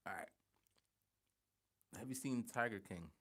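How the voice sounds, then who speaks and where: Halting, rambling man in his forties. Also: mid-range voice, fairly bright tone. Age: 40s. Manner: rambling, halting, thinks aloud with many restarts. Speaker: livestreamer. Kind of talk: casual livestream chat.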